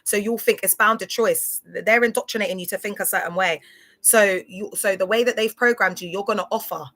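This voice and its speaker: A woman hosting a casual live stream, talking fast and slangy and often checking whether listeners follow her. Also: mid-range voice. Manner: animated, slangy, asks "do you get what I'm saying". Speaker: livestream host.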